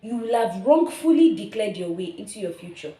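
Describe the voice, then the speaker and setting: A woman's voice: medium pitch, big pitch swings, fairly quick, dark tone. A young woman in her twenties with a Nigerian accent, sharing a personal testimony on her vlog in an earnest, emotional way, often repeating herself. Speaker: vlogger. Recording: roomy echo.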